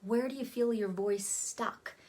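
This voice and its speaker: Chatty woman coaching vocal warm-ups. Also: on the high side, a little slow. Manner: relaxed and chatty, demonstrating vocal warm-ups on open vowels. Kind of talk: casual spoken voice lesson.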